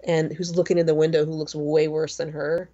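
Rambling, low-voiced woman podcast host. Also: little pitch movement, a little fast, warm tone, muffled recording. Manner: rambling, chatty storytelling with many fillers. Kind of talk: casual chat.

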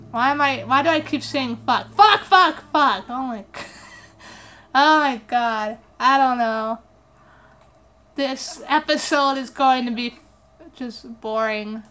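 A woman giving casual, excitable game commentary into a phone recording app, swearing freely and breaking into giggly outbursts. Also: sits high. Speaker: gameplay commentator.

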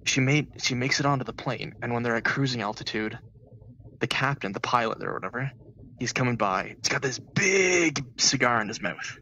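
A man's voice: mid-range voice, lively intonation, normal speed, bright, forceful tone, lo-fi sound, a little hiss or hum. A man telling a long joke in a casual online voice chat, rambling with many restarts and filler words.

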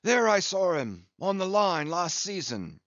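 A man's voice: high voice, very animated, measured pace, fairly bright tone, no echo, highs cut off, voice pushed up, heavily acted. A man doing a hearty yarn-spinning whaling captain. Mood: storytelling. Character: hearty good-humoured whaling captain, talkative.

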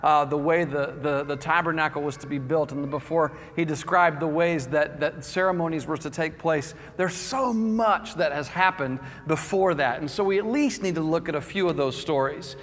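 Male pastor, slightly high voice, sermon delivery with restarts, long church-hall reverb. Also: fairly bright tone. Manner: earnest, halting with frequent restarts.

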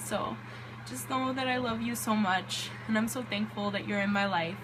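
A woman's voice: mid-range voice, normal speed, background noise. A young woman recording a casual, chatty video message to her mother, with a giggly, self-conscious manner. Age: young adult.

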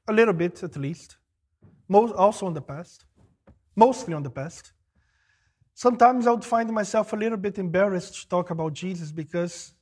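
A middle-aged male pastor preaching a sermon, animated, rising to emphatic exclamations. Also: sits high.

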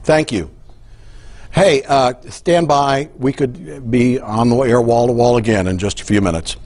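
A male news anchor trading relaxed jokes with the crew between broadcasts. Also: mid-range voice, measured pace. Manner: joking, relaxed. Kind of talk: casual banter off air.

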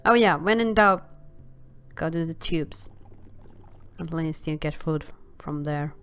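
A woman gameplay commentator casually talks over a video game as she plays, exclaiming often and stammering filler sounds when things go wrong. Her low-pitched voice is clear and resonant, fairly bright, at a measured pace.

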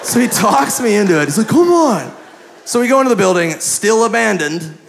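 A man telling a story in a stand-up comedy set, excitable and laughing at his own tale. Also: high-pitched, fast, gravelly. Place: comedy club stage with live audience. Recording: noisy live club recording with crowd laughter.

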